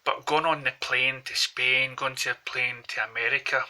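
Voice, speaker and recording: Give me a Glaswegian man with a sharp, bright voice, chatting loosely to his viewers. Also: mid-range voice, level tone, moderate pace, low-quality recording. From Glasgow, Scotland. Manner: rambling, anecdotal. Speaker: vlogger. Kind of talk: casual chat to camera.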